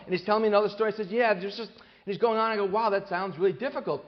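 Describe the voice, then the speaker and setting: Male lecturer, higher-pitched, animated, acts out little voices for laughs; dull hall recording. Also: very fast, few pauses. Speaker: speaker on parenting. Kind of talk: lecture to a live audience. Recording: long hall reverb, dull lo-fi sound.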